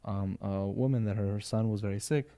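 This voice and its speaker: A man's voice: lowish voice, normal speed, dark tone, clear, resonant tone. A man in casual podcast conversation, rambling and repeating words, often checking in with "right?" and "you know". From Sephardi background.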